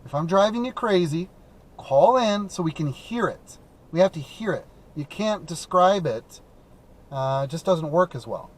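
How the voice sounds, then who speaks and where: A man from the American Midwest hosting a call-in talk show from his car, chatting casually and rambling with lots of fillers and restarts. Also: high-pitched. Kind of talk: casual live-stream chat. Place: in a car while driving.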